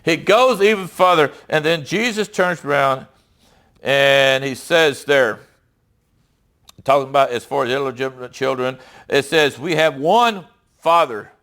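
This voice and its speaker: A man's voice: mid-range voice, measured pace, fairly bright tone. A middle-aged man preaching a sermon and reading Bible verses in a conversational, emphatic way, asking his listeners rhetorical questions.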